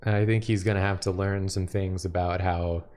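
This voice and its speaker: A man's voice: low voice, fairly even intonation, moderate pace, a little mellow. A man co-hosting a drawing lesson, brainstorming ideas and joking around in casual chat. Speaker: co-host.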